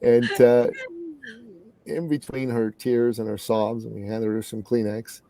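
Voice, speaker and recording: A middle-aged man from Canada telling a story in an interview as a guest business coach, earnest and animated. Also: medium pitch, a little slow.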